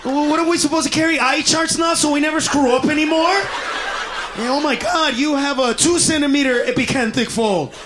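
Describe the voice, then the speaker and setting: High-voiced brash stand-up comic man. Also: a little fast. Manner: brash, profane, shouting punchlines. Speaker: stand-up comedian. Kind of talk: stand-up comedy routine. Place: comedy club stage before a live audience. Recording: loud live audience and room noise.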